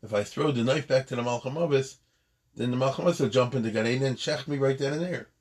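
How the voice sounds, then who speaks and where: A man's voice: mid-range voice, fast, darkish tone, slightly rough. A man teaching Talmud in a chatty, digressive lecture style, often restarting his sentences.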